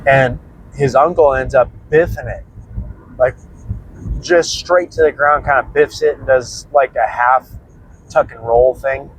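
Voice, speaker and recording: Young guy rambling thru a story, swears a lot, middle pitch, bit of noise behind. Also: steady tone, unhurried, low-quality recording. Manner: rambling, swears freely, laughs while telling. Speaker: prepping channel host. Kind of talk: casual storytelling.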